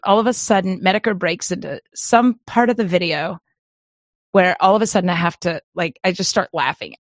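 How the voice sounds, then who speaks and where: Rambling, animated woman storyteller. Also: lowish voice, dry recording, clean studio sound. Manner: rambling, animated, laughing often. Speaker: podcast co-host. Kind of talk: casual storytelling chat.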